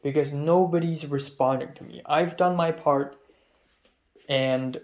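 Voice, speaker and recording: A man's voice: on the high side, steady tone, measured pace, a little mellow. A young man, a student filmmaker, talking in a casual vlog monologue and venting in a rambling, exasperated way, with plenty of fillers and restarts. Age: young adult.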